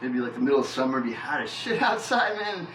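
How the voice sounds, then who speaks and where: A man's voice: mid-range voice, big pitch swings, quick pace, fairly bright tone, reverberant, far from the mic, slight background noise, rough recording. A man vlogging in a loose, rambling monologue, full of fillers and laughs. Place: house with the door open.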